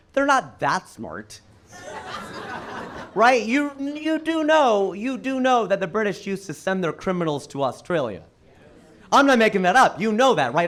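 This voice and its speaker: An American man performing a stand-up comedy routine on stage, animated and exclaiming his punchlines. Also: high voice. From United States. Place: comedy stage before a live audience.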